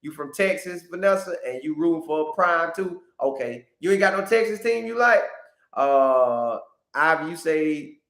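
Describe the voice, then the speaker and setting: A man hosting a casual live stream, talking straight to his viewers in an animated, repetitive way. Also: fairly high pitch, normal speed, echoey room. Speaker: podcast host reading live chat.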